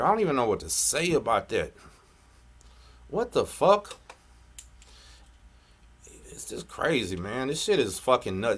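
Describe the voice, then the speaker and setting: A man's voice: mid-range voice, sing-song, moderate pace, pauses often, a bit bright, husky. A middle-aged man, hosting a live reaction and ranting at a rival, confrontational and profane. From Texas. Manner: confrontational, profane, repeats "you know what I'm saying". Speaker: host of a prison story channel. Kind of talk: heated live reaction rant.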